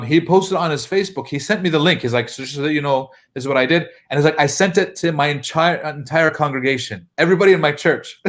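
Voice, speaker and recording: A man from the United States, a mosque imam, telling anecdotes casually in a panel talk, chuckling now and then. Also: a little high.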